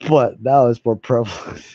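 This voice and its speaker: A man's voice: mid-range voice, unhurried, mellow, dry recording. A man rambling casually to his viewers, swearing freely and chuckling between thoughts. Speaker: vlogger. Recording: dull lo-fi sound.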